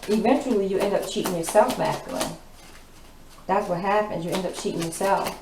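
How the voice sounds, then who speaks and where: A woman's voice: medium pitch, brisk. A woman giving a casual tarot reading. She talks bluntly, with a sassy tone and plenty of swearing. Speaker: tarot reader. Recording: echoey room with background noise.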